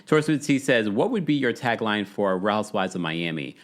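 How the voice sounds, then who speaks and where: A man hosting a reality TV recap show in casual chat, reading viewer comments aloud and reacting with lively, swooping enthusiasm. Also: fairly quick. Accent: New York. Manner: animated, swings up high when amused. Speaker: podcast host.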